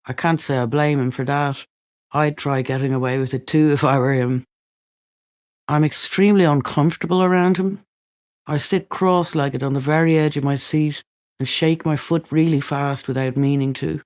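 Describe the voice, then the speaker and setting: A man reading a memoir aloud, calm, even and unhurried, on a close studio mic. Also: a little high, dry recording. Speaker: audiobook reader.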